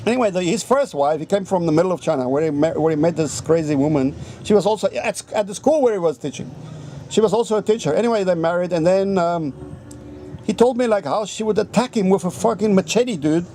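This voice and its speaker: Male vlogger, raised pitch with a gravelly edge, rambling profane storyteller. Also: lively intonation, quick pace, dark tone, a little hiss or hum. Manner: rambling, profane, heavy swearing. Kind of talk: casual storytelling rant.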